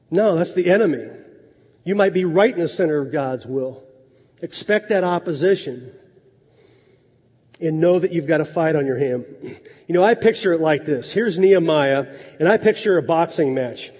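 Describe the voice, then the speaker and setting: Pastor guy preaching casual, mellow kinda husky voice, lo-fi sound. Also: fairly quick. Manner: conversational preaching, drops low and soft for emphasis. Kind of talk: sermon. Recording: echoey hall, dull lo-fi sound.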